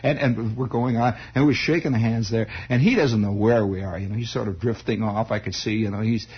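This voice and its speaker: A man telling a personal story in a halting, rambling way, full of restarts and asides. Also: lowish voice, slightly rough. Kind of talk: spoken storytelling monologue. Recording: dull lo-fi old recording.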